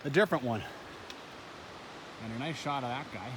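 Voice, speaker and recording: A man's voice: medium pitch, normal speed, noisy background. A middle-aged man filming himself on a solo backpacking trip outdoors, talking into a handheld camera in a rambling, shaken way and swearing as he goes. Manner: shaken, swearing, breathless retelling of a bear encounter. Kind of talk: handheld trail vlog. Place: outdoors on a mountain trail.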